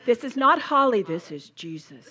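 A woman teaching a women's Bible study in a slightly high voice. She speaks emphatically and passionately, acting out small demonstrations as she goes. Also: moderate pace. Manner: passionate, emphatic, animated storytelling with role-played demos.

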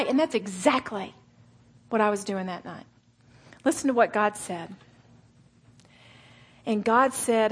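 Husky-voiced woman teaching a sermon. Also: on the high side, normal speed, pauses often. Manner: animated storytelling, acts out voices, laughs often. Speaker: women's Bible teacher.

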